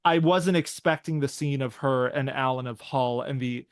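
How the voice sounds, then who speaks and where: A man's voice: mid-range voice, normal speed, clean tone, no room sound, studio quality. Eager man co-hosting a review chat. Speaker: podcast co-host.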